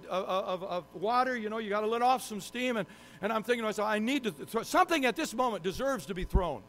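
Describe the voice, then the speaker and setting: Guy preaching in church, pretty high voice, joking about himself, faint hum behind. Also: fairly bright tone. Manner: self-deprecating storyteller, acts out his own frustration. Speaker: pastor. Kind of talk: sermon with humorous personal story. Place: church sanctuary.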